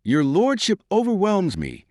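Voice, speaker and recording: A man playing an ironic gentleman who speaks gravely and dryly. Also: mid-range voice, huge pitch swings, moderate pace, no echo. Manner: dry, ironic. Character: ironic, gloomy gentleman adventurer.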